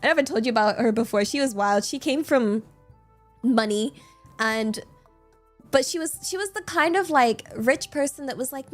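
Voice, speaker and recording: A woman's voice: fairly high pitch, lively intonation, moderate pace, soft background music. A young woman streamer telling a story in casual chat, incredulous and laughing, rambling with many fillers.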